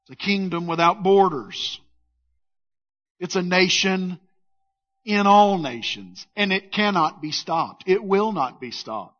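A man preaching a sermon as pastor, emphatic, leading the congregation in call-and-response and pressing his points in slow, weighty phrases. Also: high-pitched, fairly bright tone. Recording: dull lo-fi sound.

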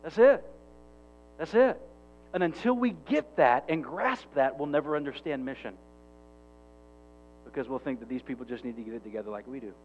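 A man's voice: medium pitch, fairly quick, lo-fi sound, soft background music. A male pastor preaching a sermon in an emphatic, conversational way.

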